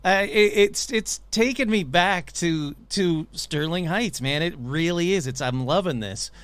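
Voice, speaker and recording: A man's voice: sits high, a little slow, fairly bright tone, smooth. Chummy podcast host, man. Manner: enthusiastic, chummy. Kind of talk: casual interview chat.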